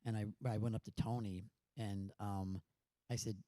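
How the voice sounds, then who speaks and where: A man's voice: fairly low pitch, moderate pace, no room sound. Man telling a story on a panel. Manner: storytelling, animated, does put-on voices. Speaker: actor on a panel. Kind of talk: anecdote at a panel. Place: stage at a symposium.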